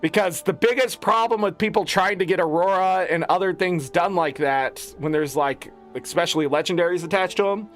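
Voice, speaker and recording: High, bright-voiced man ranting. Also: moderate pace, hardly any pauses, soft background music. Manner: profane, exasperated ranting. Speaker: gaming content creator. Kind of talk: casual gaming rant.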